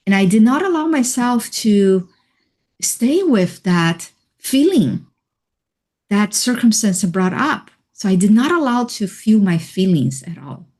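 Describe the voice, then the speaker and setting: A woman guest on a radio interview, telling a personal story in a soft, reflective way with light laughs. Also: medium pitch, lively intonation, a little slow. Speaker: interview guest, healing coach.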